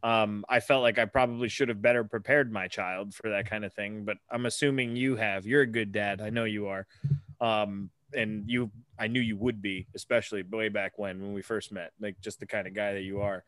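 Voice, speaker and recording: A man hosting a casual podcast, a father who tells animated stories and swears freely. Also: on the low side, moderate pace, dry recording. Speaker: podcast host.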